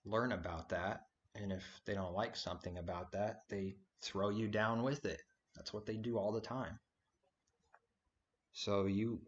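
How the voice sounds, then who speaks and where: A man giving an informal spoken sermon, rambling and conversational, with frequent fillers and restarts. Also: on the low side. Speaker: preacher. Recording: dull lo-fi recording.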